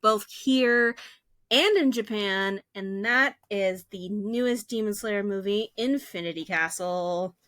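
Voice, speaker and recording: A woman co-hosting a casual podcast, talking in a loose, chatty way full of fillers. Her voice sits at an ordinary middle pitch. The sound is dry and close, with no room around it. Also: slow pace, dry recording. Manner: chatty and animated, with many fillers. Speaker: podcast co-host.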